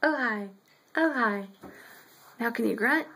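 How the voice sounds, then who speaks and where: A woman's voice: on the high side, takes it slowly, sharp tone, slight background noise. A young woman filming her baby on a phone at home, coaxing him in playful, sing-song baby talk.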